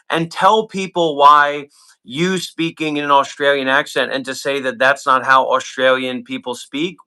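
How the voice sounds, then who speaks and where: Rambling man with a bright voice. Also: medium pitch, poor audio. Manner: rambling, halting, full of fillers. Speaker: host. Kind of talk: livestream talk.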